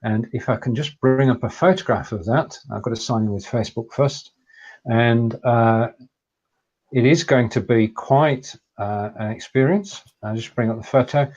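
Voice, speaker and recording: Male co-host, steady announcer manner, dull lo-fi stream sound. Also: medium pitch, moderate pace. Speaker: co-host of a live video show. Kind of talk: casual live-stream chat.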